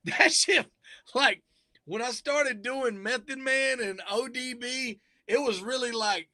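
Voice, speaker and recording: Rapper guest, male, high and bright, eager and rambling in casual chat. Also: measured pace. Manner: eager, talkative, trails off mid-thought. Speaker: rapper being interviewed.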